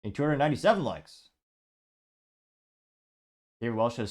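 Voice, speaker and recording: A male show host reading out social media comments and tallying their likes, dropping sarcastic asides between them. His voice sits on the low side, and his delivery is wry and casual. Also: lively intonation, a little fast. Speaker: podcast host.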